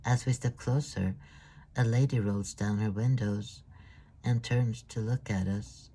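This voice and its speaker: A man narrating a novel in the first person, slow and hesitant, with some restarted phrases. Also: on the low side, steady tone, mellow, breathy edge. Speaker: audiobook narrator. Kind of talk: scripted narration.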